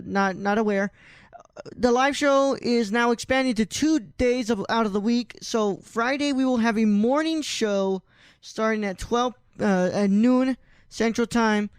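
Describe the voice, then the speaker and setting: Guy hosting a nerd podcast, high pitched, dry close mic, swears casually, lots of uh's. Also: clean tone, no echo. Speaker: podcast host.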